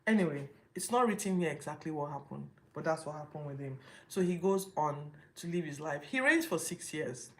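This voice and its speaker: Woman doing casual bible commentary, animated, keeps asking what were they thinking. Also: low voice, a little fast, hardly any pauses. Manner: animated, incredulous rhetorical questions; informal retelling with restarts. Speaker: Bible podcast host.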